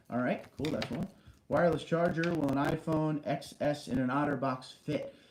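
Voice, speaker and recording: A man's voice: mid-range voice, a little mellow, roomy sound, a little hiss or hum, poor audio. A man hosting a casual livestream, reading viewer comments aloud and answering them from a large basement room. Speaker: livestream host.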